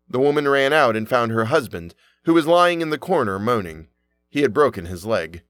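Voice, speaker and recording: A man narrating a fairy tale in an animated storybook reading. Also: mid-range voice, moderate pace, no echo, soft background music.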